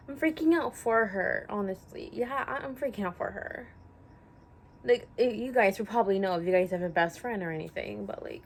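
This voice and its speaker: A young woman talking to camera in a personal vlog, halting and full of fillers, close to tears. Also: mid-range voice. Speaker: vlogger. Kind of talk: emotional personal vlog talk. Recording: faint background noise.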